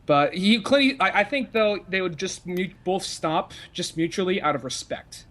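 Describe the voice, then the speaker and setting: A young man co-hosts a podcast in casual chat, rambling with lots of fillers, restarts and swearing. His high voice is a bit bright, with lively intonation at a moderate pace, and there's slight background noise.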